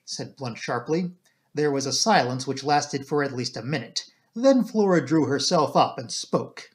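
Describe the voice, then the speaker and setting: A man's voice: mid-range voice, normal speed. Man reading a mystery audiobook. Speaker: audiobook reader. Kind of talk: audiobook narration.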